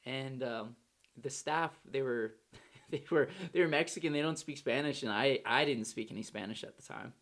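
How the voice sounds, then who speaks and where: Man, gravelly fry in the voice, candid slangy first-person storytelling. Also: mid-range voice, moderate pace, fairly bright tone. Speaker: storyteller recounting his recovery.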